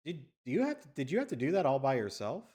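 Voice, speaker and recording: A man's voice: mid-range voice, wildly swooping pitch, fast, dark tone, slightly rough. A man streaming a video game, telling a story in casual, rambling chat with frequent swearing and restarts. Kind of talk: casual chat while gaming.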